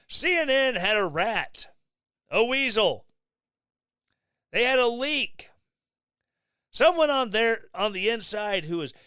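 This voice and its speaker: A man hosting his own podcast, giving sarcastic, mocking political commentary in a casual, animated way. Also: high voice, clean tone, no room sound, clean studio sound. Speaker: podcast host.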